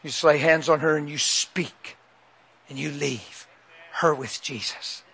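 A middle-aged man preaching with a notably high voice. He tells a story in a lively, animated way and acts out the dialogue. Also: unhurried, vocal fry, slightly rough. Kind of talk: sermon testimony.

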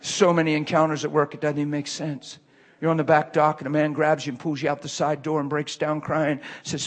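A man preaching and telling a story from his working life, moving from hushed murmurs to loud, excited bursts. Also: a little high, brisk. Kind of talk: sermon storytelling.

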